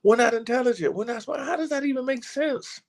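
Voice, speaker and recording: A man's voice: very high voice, fairly quick. Fired-up man preaching with constant restarts. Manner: emphatic, preacher-like, with many restarts and repeated words; casual, slangy delivery. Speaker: motivational speaker. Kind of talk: passionate livestream talk.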